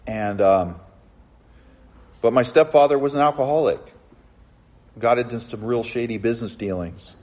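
A man's voice: mid-range voice, darkish tone. Earnest man preaching a sermon. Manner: earnest, storytelling, builds to emphatic slow lines. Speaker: pastor. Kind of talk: sermon with personal testimony.

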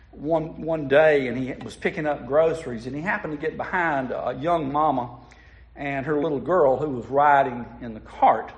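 A man preaching a sermon, telling stories in a folksy way and putting asides to the congregation. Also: a little high. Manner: folksy storytelling with audience asides.

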